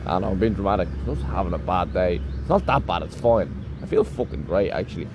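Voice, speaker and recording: A man hosting a podcast, chatting casually and complaining with lots of swearing while sitting outside at a café in the rain. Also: sits low. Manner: sweary, complaining, animated storytelling. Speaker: podcast host. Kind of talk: casual ranting chat. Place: sheltered seat outdoors at a café in the rain. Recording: loud street and construction noise. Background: traffic and construction noise.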